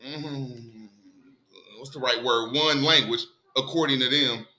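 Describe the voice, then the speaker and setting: A man on a casual online group call, talking loudly and emphatically, swearing and repeating phrases. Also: medium pitch, steady tone, takes it slowly, slight background noise, poor audio. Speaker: call participant, self-described language guru. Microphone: computer headset or call mic.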